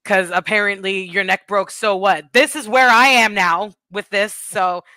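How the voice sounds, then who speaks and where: Woman rambling on about wrestling, bright clean voice, no room sound at all. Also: mid-range voice, fairly even intonation, a little slow, no echo. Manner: gushing, rambling fan talk. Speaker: podcast guest. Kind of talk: casual chat.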